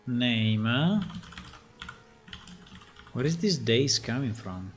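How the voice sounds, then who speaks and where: A man, a game developer, thinking aloud as he reads through code, halting and muttering puzzled asides to himself. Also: mid-range voice, animated, faint music behind.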